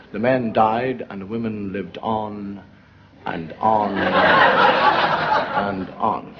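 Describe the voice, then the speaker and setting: A man hosting a comedy show, delivering a wry stand-up monologue with drawn-out pauses. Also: lowish voice, dull audio. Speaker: comedian host. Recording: loud background noise.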